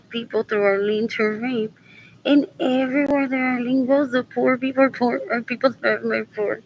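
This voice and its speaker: Woman vlogging on the go, rambly, switches languages, kinda high voice, faint street hum. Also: measured pace, poor audio. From Puerto Rico. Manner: rambling, mixes English and Spanish, repeats "what else" over and over. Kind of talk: rambling personal vlog. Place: out and about running errands.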